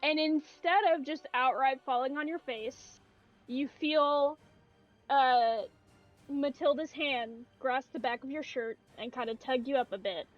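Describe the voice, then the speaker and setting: A woman game master narrating a tabletop game casually, often breaking into giggles. Her voice is high and a bit dull, lo-fi in sound, with faint music behind. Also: unhurried.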